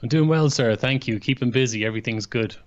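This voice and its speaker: An Irish man, a guest author, explaining his ideas calmly in an interview. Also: mid-range voice, fast, muffled recording. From Ireland. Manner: calm, explanatory, frequent um and uh. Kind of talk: interview answers.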